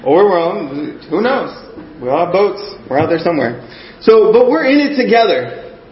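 High-voiced guy preaching casually, keeps checking in, echoey muffled room. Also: big pitch swings, moderate pace. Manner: earnest, checks in with listeners often. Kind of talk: conversational sermon.

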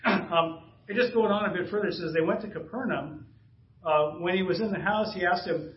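A man's voice: high voice, fairly quick. A man in his fifties, a pastor preaching a conversational sermon, chuckling and acting out bits of dialogue. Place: church sanctuary. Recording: roomy, distant, dull church recording.

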